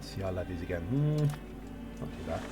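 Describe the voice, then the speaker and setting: A man's voice: low-pitched, lively intonation, normal speed, over loud music. A man casually commentating his own strategy game play as he thinks aloud, with jokey asides. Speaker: gameplay streamer. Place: home setup, recorded live on a voice chat.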